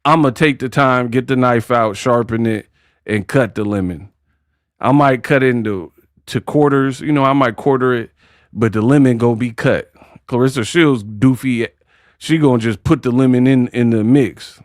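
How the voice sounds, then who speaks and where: A man hosting a boxing livestream, ranting in an animated, mocking, slangy way. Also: medium pitch, normal speed, dry recording, studio quality. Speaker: boxing commentary livestream host. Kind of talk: casual livestream rant.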